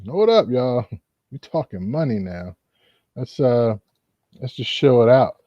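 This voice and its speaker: A man's voice: mid-range voice, expressive, unhurried, dry recording. Rambling casual male host. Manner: rambling, full of "you know" fillers. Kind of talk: casual commentary. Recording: dull, lo-fi.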